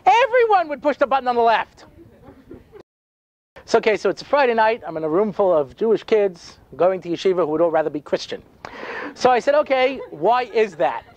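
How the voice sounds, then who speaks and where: A rabbi giving a humorous storytelling talk, full of dry sarcasm and frequent "you know" asides. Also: male voice, high voice, lively intonation, fairly quick.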